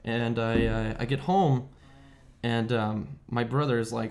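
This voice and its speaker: A man in the middle of a casual beer-fueled podcast chat, telling a story in a profane, animated way. His voice sits at an ordinary pitch for a man. He jumps into the voices of the people in his story. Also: a little slow, creaky. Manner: profane, animated storyteller who acts out quotes. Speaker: podcast host. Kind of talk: casual storytelling over beers.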